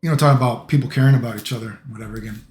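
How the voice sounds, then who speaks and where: A man's voice: medium pitch, rapid-fire, a little mellow, a little hiss or hum. Rambling man in an echoey room. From United States. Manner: rambling, heavy use of filler phrases. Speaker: vlogger. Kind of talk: casual rambling monologue.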